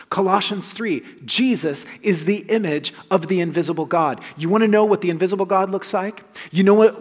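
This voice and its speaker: A man preaching a sermon, earnest and emphatic, dropping soft on key phrases. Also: high-pitched, big-room sound. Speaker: pastor.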